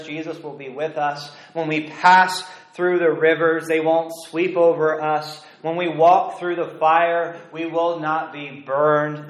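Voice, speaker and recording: A man preaching a sermon as a pastor, earnest and deliberate, dropping to a hush on key phrases. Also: a little high, reverberant, low-quality recording. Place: church sanctuary.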